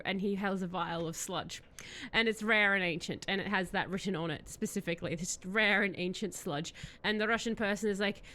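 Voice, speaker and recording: A woman's voice: medium pitch, steady tone, fairly quick, bright, forceful tone. A woman streamer chatting casually and telling a rambling story, giggling often.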